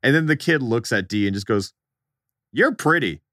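A man's voice: medium pitch, expressive, fast, a bit bright, no room sound, clean studio sound. A young man co-hosting a podcast, chatting casually and acting out the people in his story. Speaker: podcast co-host.

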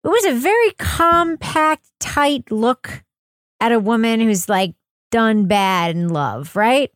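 A woman's voice: fairly high pitch, animated, slow pace, no room sound, studio quality. A woman co-hosting a podcast, talking frankly and casually and swearing now and then. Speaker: podcast co-host.

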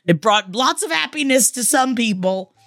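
A woman's voice: fairly high pitch, lively intonation, moderate pace, creaky, fairly bright tone. A woman podcast host reading listener messages aloud, emotional and affectionate, swearing freely. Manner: effusive and affectionate.

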